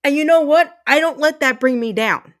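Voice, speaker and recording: A livestream host in her thirties, high-voiced and speaking at a normal speed, is seething. She goes on an angry, emphatic tirade, repeating herself and cursing.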